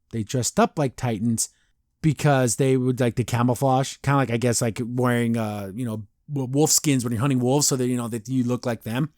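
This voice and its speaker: A man's voice: mid-range voice, darkish tone, no echo, studio quality. Chatty man rambling through a review. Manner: rambling, many fillers and restarts. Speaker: podcast host. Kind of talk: casual episode review.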